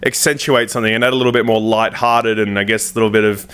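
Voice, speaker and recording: A man's voice: on the low side, fairly even intonation, fast talker, clean tone. A young Australian man with a casual comedic vlog style, swearing and self-mocking as he talks at home. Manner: swearing, self-mocking, jumps into shouty voices. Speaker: comedy vlogger. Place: home room with a softbox light.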